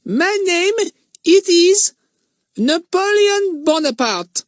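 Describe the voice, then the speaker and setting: A silly, high-voiced French boy. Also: moderate pace, no room sound, clean studio sound. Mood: proud. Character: shy limping French boy, tearful.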